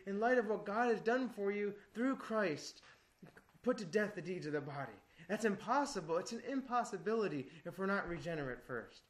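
Male preacher, high-pitched voice, earnest exhorting sermon delivery, repeats phrases for emphasis. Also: a bit bright.

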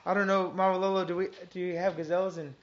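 A woman's voice: lowish voice, level tone, fast talker, a little hiss or hum. A woman teaching from the Bible to a small group, reading verses aloud and repeating them with earnest emphasis. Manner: earnest, reads scripture aloud with emphatic repetition. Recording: dull lo-fi recording.

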